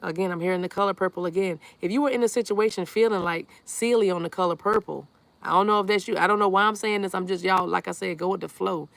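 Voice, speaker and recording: A woman's voice: mid-range voice, quick pace, creaky, fairly bright tone, dry recording. A woman giving a live tarot reading, talking straight to her viewers and repeating reassuring affirmations. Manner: addresses viewers directly, reads chat aloud. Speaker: tarot reader.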